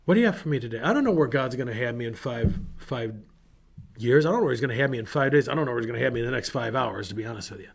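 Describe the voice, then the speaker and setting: A man's voice: medium pitch, lively intonation, rapid-fire, gravelly, husky. A man who is a pastor giving a casual, earnest devotional talk with an encouraging, conversational manner.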